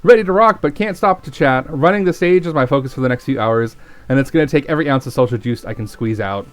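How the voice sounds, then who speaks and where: A man voicing an upbeat young man who runs a dance stage, speaking in a quick, breezy way. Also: mid-range voice, natural voice.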